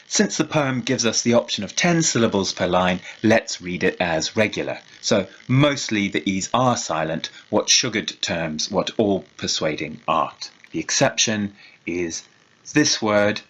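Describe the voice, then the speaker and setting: A male lecturer giving a recorded lecture in a measured, explanatory way and reading verse slowly. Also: on the low side, a bit bright, poor audio.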